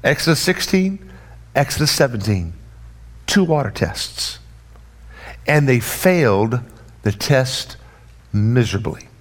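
A man preaching a sermon in an emphatic, repetitive cadence, swinging between raised and hushed delivery. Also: mid-range voice, animated, slow pace, pauses often.

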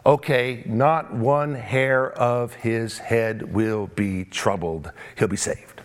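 A preacher voicing a soothing, deep-voiced king. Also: quick pace, natural voice. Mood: reassuring. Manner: reassuring. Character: soothing king giving in to a plea.

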